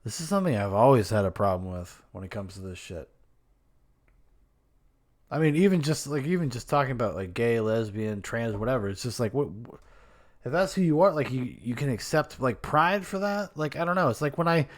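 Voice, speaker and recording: A man's voice: mid-range voice, expressive, fairly quick. A man comments on clips for his podcast in an indignant, blunt way, full of swearing. His voice sits in a middle range. Now and then he mimics other people in a mocking tone. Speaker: podcast host. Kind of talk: casual commentary.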